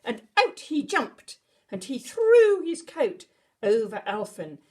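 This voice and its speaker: A woman reading a children's bedtime story aloud, expressive, with dramatic gasps and animal noises. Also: sits high, slow pace, slightly rough.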